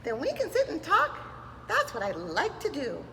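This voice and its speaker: Woman putting on a squeaky little friendly bee. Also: huge pitch swings, bright, forceful tone, slight background noise, heavily acted. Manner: very high, sweet and drawn-out. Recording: echoey room with long reverb.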